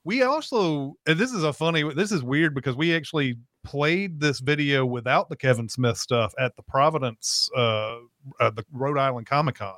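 A man co-hosts a podcast, chatting casually and rambling, laughing often while acting out his own reactions. His mid-range voice is fairly bright and moves at a moderate pace. The recording is dry and clean, with studio sound.

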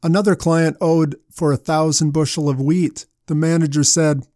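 A man's voice: a little high, steady tone, normal speed, mellow, no echo, clean studio sound. A man preaching a sermon in a conversational way, asking his listeners questions as he retells parables.

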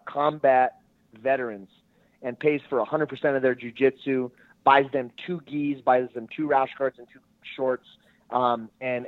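A man's voice: medium pitch, dry recording. A man telling a story as a guest over the phone, laughing and swearing as he talks. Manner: laughing, profane, animated retelling. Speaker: guest, jiu-jitsu gym owner. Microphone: phone call. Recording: tinny phone line.

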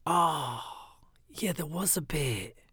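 A man imitating a breezy woman with an Irish accent who plays down a small cooking slip, in a husky voice. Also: fairly high pitch, animated, drawn-out words, sharp tone, dry recording, clean studio sound, pitched above the performer's own voice, full character voice.

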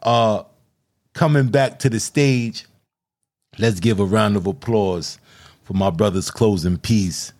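A man's voice: fairly low pitch, takes it slowly, pauses often, darkish tone. A man hosting a spoken word show, chatting casually and encouragingly, laughing a lot and saying "man" often. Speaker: host.

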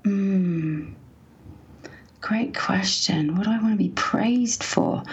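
A woman speaking as a podcast guest, thoughtful and unhurried, with many pauses and fillers. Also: medium pitch, a little mellow, breathy edge, highs cut off. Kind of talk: podcast interview.

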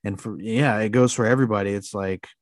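A man's voice: fairly low pitch, steady tone, quick pace, no echo, clean studio sound. A man co-hosting a podcast, talking earnestly and rambling with lots of fillers in casual chat. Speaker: podcast co-host.

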